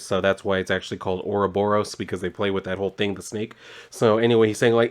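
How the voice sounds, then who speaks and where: A man's voice: lowish voice, quick pace. A man casually recapping a comic book, loose and rambling, full of fillers and laughs. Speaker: comic reviewer.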